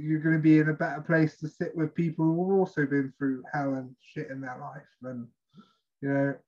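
Earnest man, flat and fairly high. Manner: earnest, hesitant, heavy on fillers. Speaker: life coach. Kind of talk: casual conversation. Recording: dull lo-fi sound.

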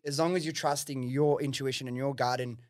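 Quick-talking podcast host man. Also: medium pitch, steady tone, no echo, clean studio sound. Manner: rambling, filler-heavy questions. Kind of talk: casual interview chat.

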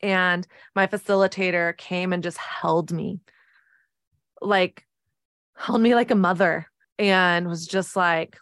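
A woman's voice: lowish voice, fairly even intonation, takes it slowly, a bit bright, no echo, clean studio sound. A woman in her thirties hosting a podcast, telling a personal story in an earnest, reflective way with many "like" fillers. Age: 30s. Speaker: podcast host.

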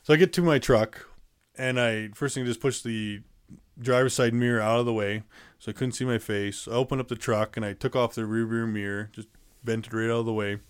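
An interview guest recounts events in a plain, matter-of-fact way, casually telling his story with lots of fillers and restarts. His medium-pitched voice is clean and steady, and he speaks briskly.

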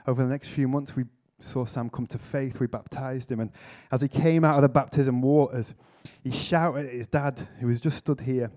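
A man's voice: mid-range voice, steady tone, normal speed, hardly any pauses, warm tone. A man giving a conference sermon, telling a story earnestly with self-mocking humour. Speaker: speaker at a church conference. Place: conference hall talk.

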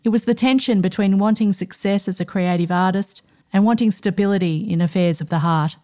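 A woman narrates a documentary in a measured, scripted delivery. Her voice is mellow and warm, in a middle register. She reads diary passages with a dry storytelling touch. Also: medium pitch. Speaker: documentary presenter.

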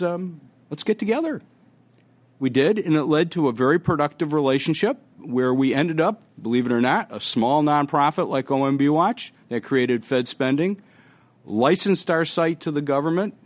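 A man giving a conference panel talk, animated and joking as he tells a story. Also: medium pitch. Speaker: panel speaker.

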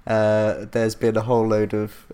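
A man's voice: on the low side, monotone, a little slow, mellow, clear, resonant tone. A young man hosting a football podcast in casual chat, rambling and stopping to correct himself. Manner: rambling, self-interrupting, laughs at himself. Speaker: podcast host.

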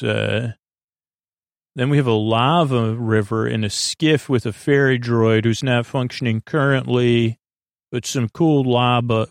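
Podcast host, male, gravelly fry, rambling filler-heavy recap, dry close sound. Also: medium pitch, no echo. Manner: rambling, many filler uhs, paraphrases scene dialogue loosely. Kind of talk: casual episode recap.

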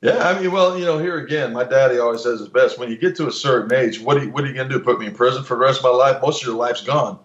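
A man's voice: mid-range voice, racing, hardly any pauses, roomy sound, muffled recording. A man in casual podcast talk, blunt and opinionated, swearing freely and restarting his sentences.

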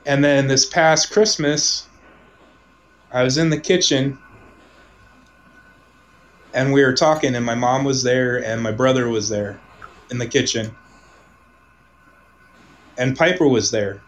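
A man from Omaha telling a personal story in casual conversation, rambling, restarting sentences and trailing off softly. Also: medium pitch, slow pace, pauses often, low-quality recording.

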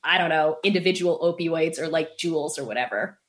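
A young woman with a slightly low voice hosts a casual podcast chat. She talks loosely, leaning on fillers like "like" and "you know.". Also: brisk. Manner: chatty, filler-heavy, laughs often. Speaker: podcast host. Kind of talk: casual conversation.

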